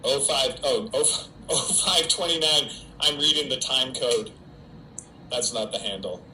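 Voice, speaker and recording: Bright-voiced man chatting alone to his webcam. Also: mid-range voice, unhurried, slight background noise, rough recording. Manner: chatty, self-mocking, talks to an unseen audience. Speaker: actor hosting a live fan stream. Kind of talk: casual solo livestream chat. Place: home during quarantine.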